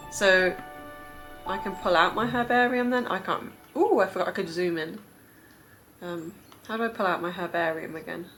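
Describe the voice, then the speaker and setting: Young woman rambling thru a cozy game, giggly, kinda low voice. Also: moderate pace, over music. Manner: chatty, rambling, giggly asides. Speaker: cozy gaming vlogger. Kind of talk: casual gameplay commentary.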